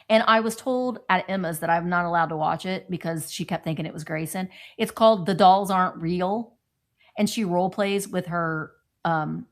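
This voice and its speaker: Middle-aged lady going thru her thrift finds, chatty and rambling, mid pitch. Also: a bit bright. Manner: chatty, rambling, talking to friends off camera. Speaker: thrift vlogger. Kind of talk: casual haul show-and-tell.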